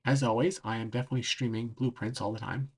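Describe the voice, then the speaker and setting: A man's voice: mid-range voice, steady tone, fast, slightly rough. A man losing his voice, giving a rambling, casual recap as a streamer while browsing a map, full of "like" and "um".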